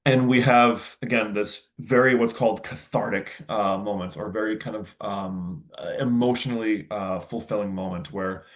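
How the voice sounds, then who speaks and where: A young man teaching a class, with a somewhat low voice. He reads a text aloud, then unpacks it for his students in a casual, chatty way. Fillers like "like" and "um" run all through his explanations. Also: steady tone, moderate pace, hardly any pauses. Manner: casual and chatty, with many likes and ums.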